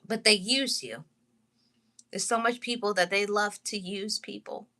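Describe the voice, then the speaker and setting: A woman with a bright, clear voice tells her own story of heartbreak to viewers she calls loved ones. She speaks heartfelt and earnest, repeating herself and restarting lines as she fights back tears. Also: medium pitch, fairly even intonation. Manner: heartfelt, repetitive, pausing and restarting, greets live chat. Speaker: channel host sharing her story. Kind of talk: emotional personal testimony to viewers.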